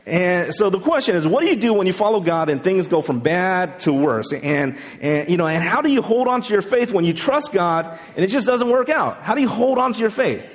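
A man's voice: high voice, animated, brisk, few pauses, in a large hall. A male pastor preaching a sermon in a church, speaking conversationally and asking the congregation questions. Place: church sanctuary.

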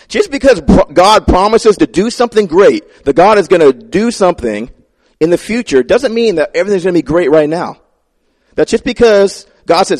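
A man's voice: high-pitched, sing-song, normal speed, a little mellow, no echo, studio quality. Conversational man preaching a sermon. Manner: conversational storytelling with playful asides. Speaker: pastor.

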